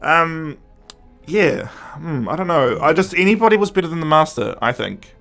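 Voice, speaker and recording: A man co-hosting a podcast, casually recapping an episode and acting out the characters in quick asides. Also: a little high, lively intonation, vocal fry, a bit bright, faint music behind. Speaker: podcast co-host.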